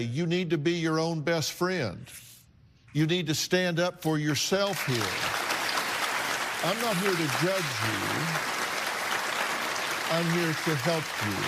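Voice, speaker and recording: A man's voice: a little high, very noisy. A man hosting a confrontational TV talk show, lecturing guests in a blunt, emphatic way.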